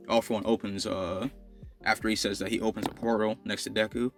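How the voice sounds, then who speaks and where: Low-voiced young man rambling a story. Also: level tone, quick pace, soft background music. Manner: rambling, filler-heavy. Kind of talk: casual improvised fan story narration.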